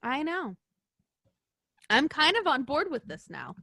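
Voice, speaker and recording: High, lively woman gushing casually. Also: unhurried, vocal fry, no room sound, studio quality. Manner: excitable, swears freely, gushing. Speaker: podcast co-host. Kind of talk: casual chat.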